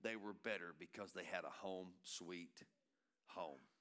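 A man preaching a sermon in a church, swinging between loud urging and hushed tenderness and calling out to the congregation with repeated phrases. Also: low-pitched, unhurried. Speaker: pastor. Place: church sanctuary.

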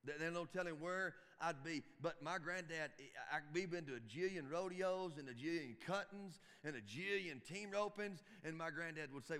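A man's voice: a little high, moderate pace, hardly any pauses, fairly bright tone, clear, resonant tone. A man preaching to church volunteers in a folksy, emphatic way, often repeating his phrases. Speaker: pastor. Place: church sanctuary. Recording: long reverb of a church hall.

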